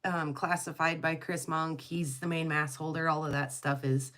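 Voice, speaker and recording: A woman's voice: low-pitched, flat delivery, normal speed, a bit bright. A woman hosting her rock channel, chatting casually and gushing with frequent laughter. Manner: giggly and gushing, lots of laughter and fillers. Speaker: rock hounding channel host. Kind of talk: casual chat.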